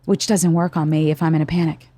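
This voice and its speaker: A woman's voice: low voice, fast, dry recording. A middle-aged woman hosting a podcast, telling stories with acted-out quotes and some swearing in casual chat. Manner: animated storyteller, acts out quotes, swears. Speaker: podcast host.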